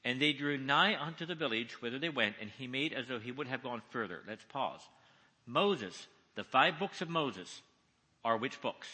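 Lively, bright-voiced man preaching in a hall. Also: medium pitch, breathy edge. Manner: reads slowly, deliberately, with emphasis; asks the audience questions. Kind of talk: conference sermon with scripture reading. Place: large conference hall. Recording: echoey hall reverb.

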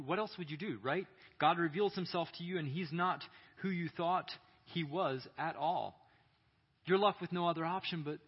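Husky preacher in a reverberant hall. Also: male voice, a little high, normal speed. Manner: dramatic storytelling, acting out quoted prayers and voices. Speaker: youth conference speaker. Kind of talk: sermon. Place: large hall. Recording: echoey hall, dull sound.

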